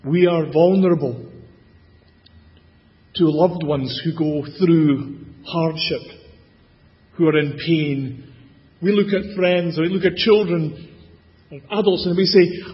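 A man preaching a sermon, slow and deliberate, dropping to a hush on key words. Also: high-pitched, big-room sound, dull audio.

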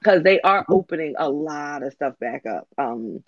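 Dude w a higher voice, animated, acts out quotes, kinda dull lo-fi sound. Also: male voice, moderate pace, dry recording. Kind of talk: casual chat.

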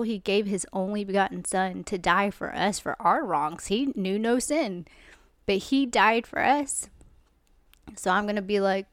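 Studio-quality audio with no room sound carries the mid-range voice of a woman in her forties, who hosts a podcast and talks about the Bible in an earnest, conversational, devotional way.

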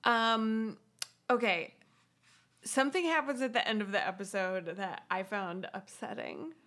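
A woman's voice: a little high, unhurried, a bit bright. Lady cohost on a chatty podcast, kinda hesitant, restarts a lot. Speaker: podcast co-host. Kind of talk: casual chat.

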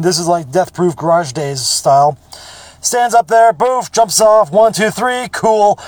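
In a dry recording, a man with a high-sitting, darkish voice hosts a podcast. He tells casual, rambling stories full of profanity, speaking bluntly.

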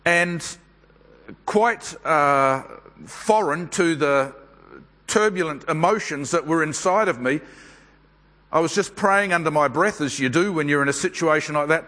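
A man preaching a sermon at a church service, speaking in a measured, unhurried way with pauses and fillers. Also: on the high side, sharp tone, long reverb tail.

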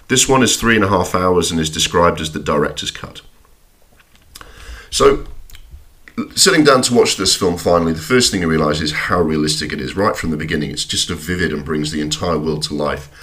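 Guy, really low voice, dry and a bit sweary, reading his film review script. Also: a bit bright. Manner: dry, mildly sweary, self-deprecating. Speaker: podcast host.

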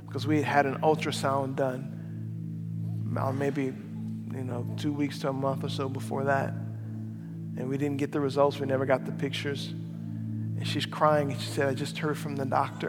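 A man in his thirties, a pastor giving a personal testimony in a sermon, telling it earnestly and dropping to a soft, quiet voice at tender moments. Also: mid-range voice. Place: church sanctuary. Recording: large hall with long reverb and music behind.

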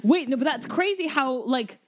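A woman's voice: high-pitched, expressive, moderate pace, a loud crowd. A woman on a podcast, ranting in an exasperated way and swearing as she talks. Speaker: podcast co-host. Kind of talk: casual chat.

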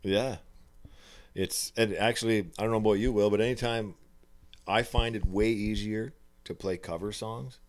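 A man's voice: fairly low pitch, steady tone, moderate pace. A singer-songwriter man chatting casually and frankly in a recording studio, laughing easily. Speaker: musical guest, singer-songwriter. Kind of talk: casual chat.

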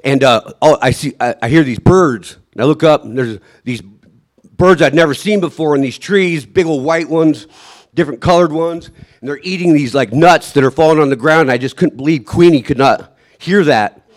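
A slightly high-voiced man shares a personal tale of survival. He speaks in fits and starts, full of emotion, breaking off and beginning again, and voices the shouts he let out at the time.

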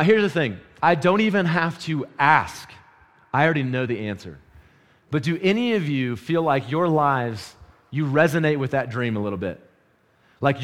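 A man preaching a casual sermon, telling a story and asking the congregation questions. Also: on the high side. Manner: animated, storytelling, asks the crowd questions; quiet and hushed in prayer. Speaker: pastor.

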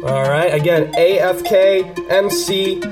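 A man's voice: sits high, takes it slowly. A man hosting a casual podcast, introducing songs in a loose, profane, hyped-up way. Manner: loose and profane, hyping up music. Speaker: podcast host.

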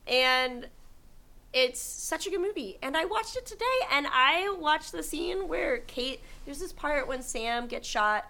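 A woman's voice: high-pitched, measured pace. A young adult woman co-hosting a podcast, gushing in casual chat about a movie she loved as a child and breaking into bits of song. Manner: gushing, animated, bursts into sung snippets. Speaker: podcast co-host.

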